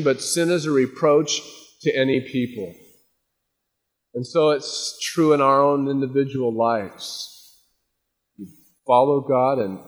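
In a large hall, a male pastor with a medium-pitched voice gives a conversational expository sermon. He shifts between plain explanation and emphatic warnings and acts out quotes.

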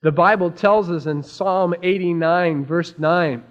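A male pastor delivering a sermon with a fairly high voice and a wide, swinging delivery. He rises into excited cries when he voices worried people and sinks low for quiet points. The recording sounds dull and lo-fi. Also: a little slow. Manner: animated, acts out frantic voices of the disciples.

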